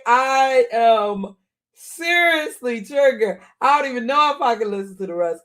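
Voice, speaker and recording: A man with a notably high-pitched voice delivers reaction commentary. He talks in heated, repetitive bursts, doubling back on his points with outraged asides. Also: expressive, moderate pace, a bit bright. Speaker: online commentator.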